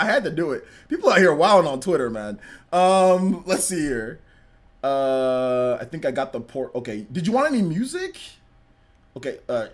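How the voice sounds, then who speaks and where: A man hosting a casual gaming livestream, chatting loosely and reading viewer donations. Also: on the high side. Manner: relaxed, chatty, many fillers. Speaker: livestream host.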